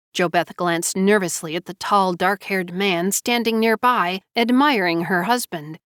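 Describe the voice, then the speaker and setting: A woman narrating a family saga audiobook in a measured storytelling delivery. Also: mid-range voice, fairly bright tone, no room sound, studio quality.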